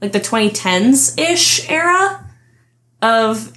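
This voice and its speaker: A woman's voice: fairly high pitch, very animated, slow pace, sharp tone. A young adult woman hosting a casual podcast chat, chatty and giggling often as she trails off and restarts her thoughts. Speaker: podcast host.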